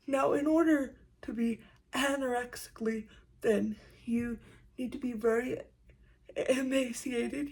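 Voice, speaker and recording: A young woman vlogging at home, talking quietly because of roommates, congested, stumbling and restarting words often. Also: on the high side, creaky, breathy edge, poor audio. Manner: speaks quietly so roommates won't hear; halting, frequent stumbles and restarts. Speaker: YouTube creator. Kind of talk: casual vlog monologue.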